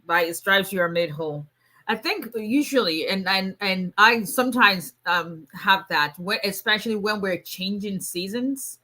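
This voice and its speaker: Bright-voiced woman attorney chatting live. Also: medium pitch, animated, measured pace. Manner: chatty, laughs often, frequent restarts. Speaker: immigration attorney hosting a livestream. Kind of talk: casual livestream chat.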